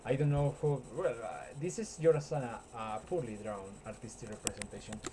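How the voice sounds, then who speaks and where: A man casually retelling a film scene, halting often with fillers and restarts. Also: medium pitch, noisy background. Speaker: storyteller.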